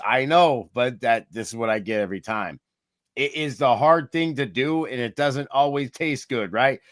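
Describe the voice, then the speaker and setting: Male co-host, mid-pitched, emphatic storyteller, dry close mic. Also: moderate pace, fairly bright tone, no room sound. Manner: emphatic, tells anecdotes with quoted back-and-forth. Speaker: podcast co-host. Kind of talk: casual podcast chat.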